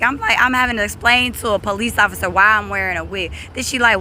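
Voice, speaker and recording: Woman vlogging outside, real sharp bright voice, rambles and cusses, little bit of traffic noise behind her. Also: medium pitch, quick pace, few pauses. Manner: rambling, restarting, swearing freely. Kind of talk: casual storytelling vlog. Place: outdoors by a street.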